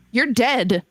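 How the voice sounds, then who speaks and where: A woman's voice: a little high, a bit bright, no room sound. Wry woman trading dry quips. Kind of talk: casual chat.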